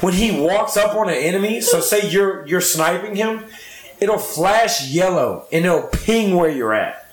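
Lively high-voiced man telling game stories. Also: a little slow, roomy sound. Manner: storytelling, insistent. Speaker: gamer friend. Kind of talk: casual chat.

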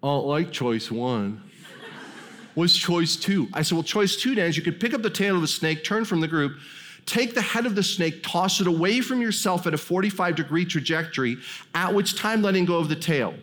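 A man preaching as a guest speaker, telling a long personal story with wry humor and quick asides. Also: sits high, a bit bright. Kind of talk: sermon storytelling.

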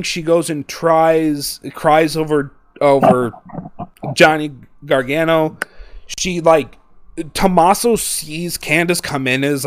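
Male host, casual wrestling recap, slightly higher voice, dry close mic, animated, does exaggerated voices for quotes. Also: no room sound.

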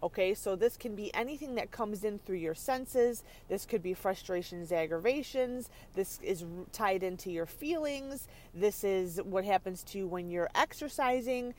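A woman podcast host giving an energetic, chatty motivational teaching talk from her parked car. She laughs often and keeps checking in with her listeners. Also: mid-range voice, normal speed, hardly any pauses. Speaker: podcast host and leadership coach. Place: parked car on a rainy day.

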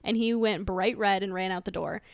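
A young woman in her twenties co-hosting a casual podcast, lively and laughing, reading out listener stories. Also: medium pitch, fairly quick, creaky, no echo, clean studio sound. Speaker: podcast co-host.

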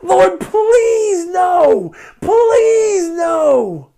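A man voicing Moses, an older leader pleading with God loudly and desperately. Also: extremely high pitch, sing-song, drawn-out words, voice pushed up, full character voice. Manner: crying out, loud and pleading.

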